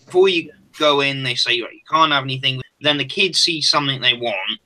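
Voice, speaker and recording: Bright-toned man chiming in. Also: medium pitch, brisk, poor audio. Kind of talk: casual chat.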